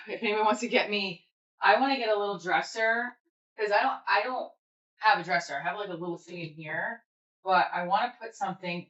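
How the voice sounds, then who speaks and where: Chatty young woman, bright voice. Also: medium pitch, dull audio. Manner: rambling, chatty, swears casually. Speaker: livestreamer. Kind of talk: casual livestream chat answering comments. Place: room at home.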